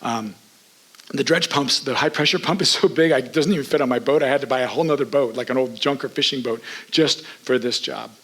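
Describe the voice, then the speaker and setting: A man telling a true story on a theater stage, in an animated, conversational way. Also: mid-range voice, fairly quick, husky, rough recording. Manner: animated, conversational, quotes people in his story. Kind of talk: first-person stage storytelling.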